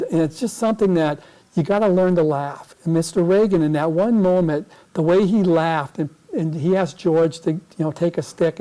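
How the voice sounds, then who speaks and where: A man's voice: on the high side, mellow, poor audio. An older man speaking to a club audience, telling a folksy, rambling story and often repeating words as he restarts. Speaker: guest speaker. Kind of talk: anecdotal storytelling talk. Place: club meeting room.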